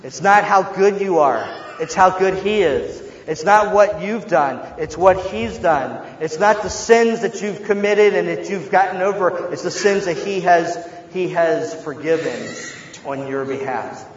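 Slow-preaching man in an echoey hall. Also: high voice, animated. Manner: earnest, shifts from hushed to shouting. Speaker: pastor. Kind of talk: sermon. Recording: echoey hall, dull and slightly noisy.

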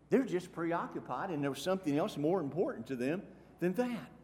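A man preaching a sermon as pastor, emphatic, swinging from soft asides to loud stressed phrases. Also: high voice, expressive, moderate pace. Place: church sanctuary. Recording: echoey hall with faint room noise.

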